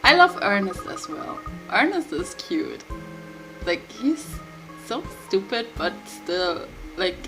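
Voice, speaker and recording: Woman streamer, casual chatty game commentary, slow unhurried talk, game music behind. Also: mid-range voice, sing-song, low-quality recording. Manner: chatty, giggly and unpolished.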